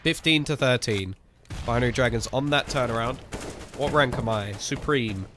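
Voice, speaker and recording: Man, solo caster for an online shooter match, quick play-by-play over game gunfire and clicks. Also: medium pitch, background noise. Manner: excitable play-by-play that slips into chat with viewers. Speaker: esports caster. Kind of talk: live game commentary.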